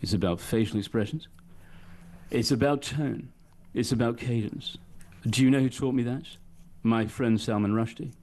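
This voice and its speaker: A man impersonating an erudite, grandiloquent older British intellectual with slow, ornate, pompous phrasing. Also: mid-range voice, a little mellow, close to an everyday voice.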